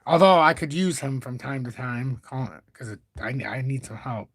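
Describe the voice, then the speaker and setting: A man's voice: medium pitch, moderate pace, no room sound. A man hosting a casual crypto livestream, talking through charts in a rambling, profane, self-correcting way.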